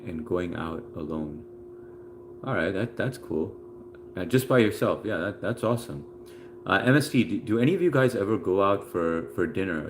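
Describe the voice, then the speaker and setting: A man's voice: sits low, a little hiss or hum. A man hosting a casual live stream from home, reading out viewer comments in a laid-back, chatty way with plenty of fillers.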